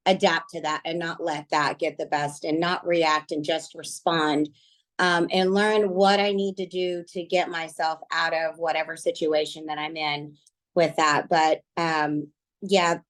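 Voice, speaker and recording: A middle-aged woman with a lowish voice speaks earnestly in a relaxed group discussion. She reflects slowly and sincerely, pausing often with fillers as she gathers her thoughts. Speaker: book club team member. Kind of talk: casual online group discussion.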